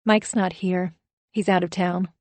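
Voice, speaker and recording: A calm, condescending young woman in an audiobook, sweet on the surface and smug underneath, as a female narrator voices her. Her voice sits somewhat low, and the sound is close and dry. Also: measured pace, no echo, close to an everyday voice. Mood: cool. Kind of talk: audiobook character voice.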